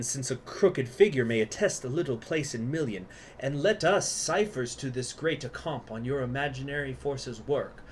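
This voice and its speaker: A man putting on a grand British accent to voice a male warlord declaiming a stage prologue slowly and theatrically. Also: mid-range voice, slight background noise, lightly acted. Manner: slow, declamatory stage recitation.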